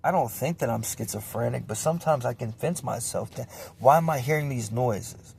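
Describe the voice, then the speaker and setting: A man's voice: mid-range voice, moderate pace, creaky, darkish tone, slightly rough. A man telling his own story in a raw, confessional way, cursing heavily and repeating himself as he rambles. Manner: emotional, heavy cursing, rambling and repetitive.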